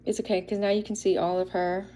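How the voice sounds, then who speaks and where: A woman's voice: mid-range voice, level tone, fast talker, mellow, a little hiss or hum. A young woman, chatting casually and a little shyly on a livestream, laughing often as she shows handmade toy figures. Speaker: livestream host showing custom toy figures.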